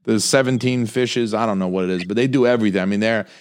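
A man's voice: on the low side, quick pace. A young man in casual film chat, swearing freely and slipping into mocking voices. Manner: animated, profane, does mocking voices.

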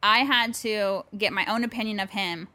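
Speaking at a moderate pace with a medium pitch, this podcast co-host sounds pushed and bright, with no echo in the room. She's in her bedroom, chatting casually and telling a lively story where she voices both people on a phone call.

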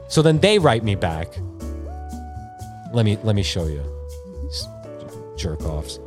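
A man hosting a podcast, ranting in an irritated, profane, animated way. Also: on the low side, slow pace, long pauses, soft background music. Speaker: podcast host. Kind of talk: casual podcast rant. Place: podcast studio.

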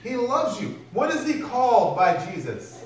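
A man's voice: very high-pitched, sing-song, measured pace. A man preaching a sermon in a conversational way, often putting questions to the congregation. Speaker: pastor. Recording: echoey hall from far off, faint noise.

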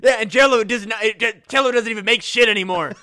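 A young man with a high voice co-hosts a comedy podcast. His tone is bright and forceful as he riffs, swears freely and laughs through loose, casual banter. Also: fast. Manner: profane, laughing, riffing. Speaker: podcast co-host.

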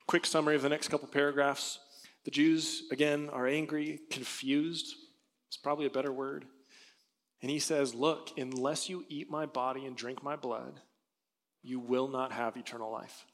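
A man delivers a sermon in an earnest, conversational manner, reading scripture aloud and pressing the congregation with rhetorical questions. His voice sits a little higher than most men's, and long reverb from a church sanctuary trails after his words. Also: little pitch movement, moderate pace. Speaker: pastor.

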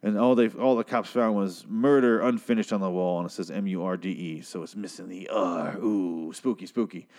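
A man giving a crude, sarcastic recap of a TV episode, tossing in quick asides. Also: deep voice, steady tone, darkish tone. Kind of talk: casual profane TV recap.

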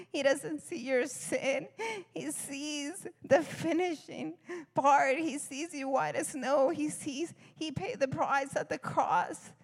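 A woman with a high voice gives an earnest testimony sermon as a missionary, often laughing and acting out conversations. Her voice rings with the long reverb of a large hall. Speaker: missionary speaker.

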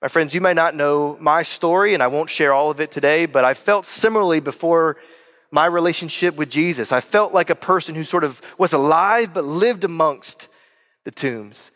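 A young male pastor delivers a sermon with an earnest, direct manner, often turning to address his listeners. His voice sits a little high for a man. It rings out with a long reverb, as in a large sanctuary. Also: normal speed, a bit bright.

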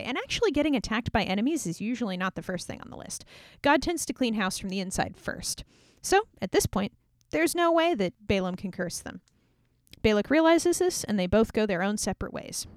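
A woman tells Bible stories in a chatty, playful way, with quick jokes along the way. Her fairly high voice moves up and down a lot. She sounds close and dry. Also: no echo. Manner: chatty, playful, wry asides. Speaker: Bible teacher. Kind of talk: casual Bible story retelling.

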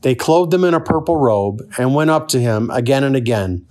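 A man narrating scripture in a steady, clear reading voice. His pitch sits in the plain middle range, and he keeps an even delivery. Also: brisk. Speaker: scripture reader.

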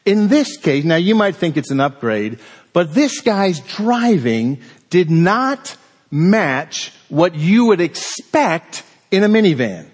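Lively storytelling male preacher. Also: high-pitched, slow, breathy edge, long reverb tail. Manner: animated, conversational storyteller. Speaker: pastor. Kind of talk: sermon with personal storytelling.

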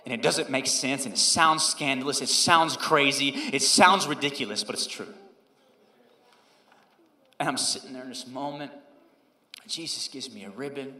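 A young adult man, a pastor, telling a personal story in a conversational, animated sermon and dropping low and soft whenever he quotes God. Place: church sanctuary. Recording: echoey church hall with long reverb.

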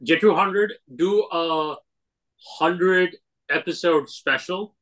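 A man's voice: high-pitched, slow pace, fairly bright tone, poor audio. A man co-hosting a podcast in casual chat, blunt and emphatic, swearing as he talks. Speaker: podcast co-host.

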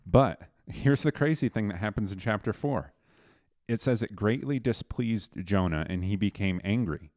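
A man's voice: fairly low pitch, expressive, moderate pace, a little mellow, no echo, clean studio sound. A man casually retelling a Bible story to a co-host, loose and conversational, with fillers and restarts.

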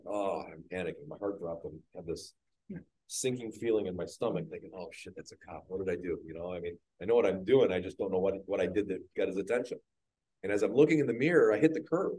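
A man, a guest business owner, frankly telling his own story on a podcast panel at a live event, getting animated when he acts out scenes. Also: low voice, slightly rough, poor audio. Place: live industry training event.

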